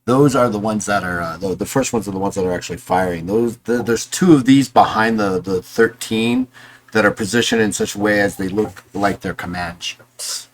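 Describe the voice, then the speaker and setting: Game master, male, low voice, halting delivery with restarts, live tabletop session. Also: slight background noise. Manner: hesitant, many restarts and fillers; puts on quick voices for soldiers.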